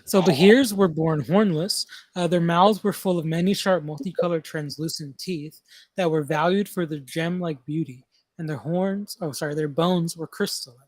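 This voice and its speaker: A man's voice: on the high side, normal speed. A man hosting a casual tabletop gaming podcast, reading monster lore aloud and stumbling over place names. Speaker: podcast host.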